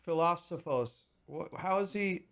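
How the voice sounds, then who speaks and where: A man's voice: a little high, a little slow, a bit bright. Male streamer, thirties, heated, profane, rambling, repeats himself. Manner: heated, profane, repetitive ranting; thanks viewers for donations mid-rant. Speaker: streamer reacting to videos. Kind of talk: casual livestream rant.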